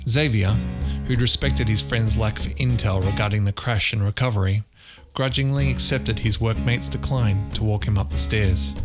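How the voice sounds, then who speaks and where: A man narrating an audiobook of a dark thriller in a measured, dramatic storytelling manner. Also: fairly low pitch. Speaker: author and narrator. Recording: loud guitar music underneath.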